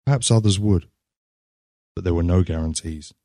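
A man reading a story aloud in a measured, grave narrating manner. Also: deep voice, mellow, dry recording, studio quality.

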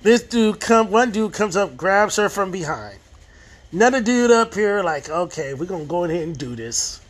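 A man's voice: high voice, sing-song, moderate pace. A man casually recapping a TV episode as a reviewer, rambling and restarting his sentences while acting out the quoted lines. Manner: rambling storyteller who restarts phrases; acts out quoted lines in retelling. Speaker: TV show reviewer.

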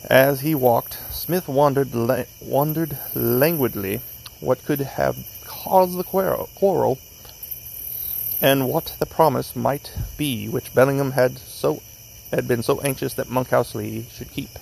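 A man reading a classic story aloud at an unhurried pace, outdoors in a cemetery at night, correcting small slips as he goes. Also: mid-range voice, vocal fry, darkish tone, a little hiss or hum, poor audio. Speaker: narrator.

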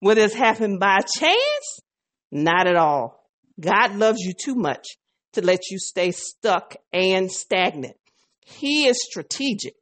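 A woman hosting a faith podcast in a casual, playful way, joking with listeners and a little out of breath. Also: on the low side. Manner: playful, animated, sings along off key. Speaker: podcast host.

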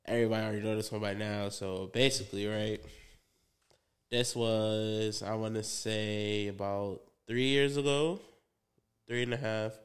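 A man's voice: on the low side, moderate pace. Young man telling a slangy story. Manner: slangy, profane, animated storyteller; loose, rambling asides with frequent fillers. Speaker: podcast co-host. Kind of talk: casual storytelling.

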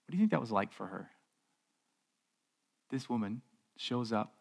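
A man's voice: mid-range voice, lively intonation, a little slow, vocal fry, long pauses, fairly bright tone. A male pastor delivers a sermon from a church stage in a middle-range voice. He talks loosely and conversationally, often restarting or repeating a word. He keeps drawing in the congregation with rhetorical questions.

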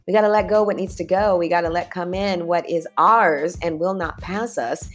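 A woman's voice: fairly low pitch, moderate pace, few pauses, soft background music. A woman hosting a casual motivational talk, chatty and upbeat, who calls her listeners y'all and leads them through breathing. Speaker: podcast host.

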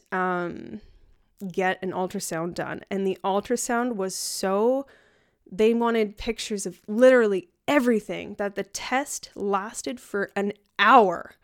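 A woman's voice: mid-range voice, fairly even intonation, takes it slowly, clean tone. A young woman candidly recounting her hospital stay in a personal video diary, emotional and at times tearful. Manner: candid, emotional, storytelling with quoted dialogue. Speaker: patient telling her hospital story.

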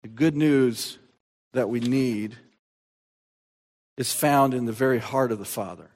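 A man preaching a sermon, reading scripture aloud with emphasis and swinging from soft, slow passages to loud, shouted proclamation. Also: medium pitch.

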